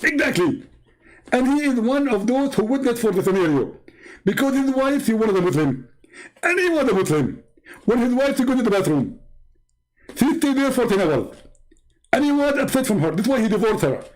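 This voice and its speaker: A man's voice: very high voice, sing-song, darkish tone, rough recording. A man mocking a pompous, smug preacher. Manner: halting broken English, stammered repeats. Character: pompous smug male preacher, middle-aged, know-it-all. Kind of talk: mocking comic impression.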